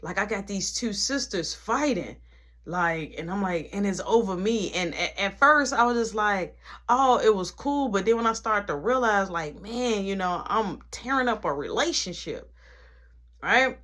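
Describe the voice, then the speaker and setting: A person telling a dramatic personal story in casual, slangy speech full of asides. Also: female voice, medium pitch, normal speed. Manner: slangy, animated retelling with many asides.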